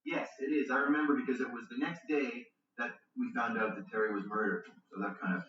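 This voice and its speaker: A man's voice: medium pitch, steady tone, fast talker, a bit bright, lightly acted. An actor playing a defensive, short-tempered man, heard as a distant, dull, roomy TV movie track. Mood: easygoing. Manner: shifts from easy to snapping and coaxing. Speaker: suspect being questioned by police. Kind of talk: TV movie acting. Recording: dull, roomy TV audio from far off.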